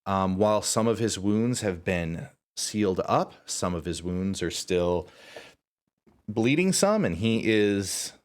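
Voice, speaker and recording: A man's voice: fairly low pitch, expressive, slow. A man narrating as game master for a live-streamed tabletop game, casual and full of fillers, speaking into a desk mic at home.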